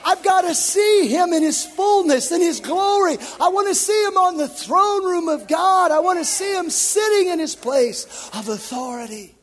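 A man's voice: very high voice, lively intonation, moderate pace, few pauses. A man preaching a sermon as a worship leader, impassioned and emphatic. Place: church sanctuary. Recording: long reverb of a large hall.

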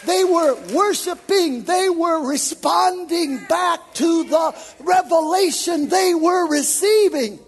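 A man's voice: very high voice, slow, hardly any pauses. A man preaching a sermon as a worship leader, impassioned and emphatic. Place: church sanctuary. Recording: long reverb of a large hall.

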